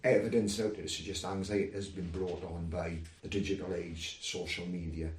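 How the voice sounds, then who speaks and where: A man's voice: sits low, fairly even intonation, fairly quick. A man from the UK talking through ideas in a casual podcast panel discussion. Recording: roomy, distant mic.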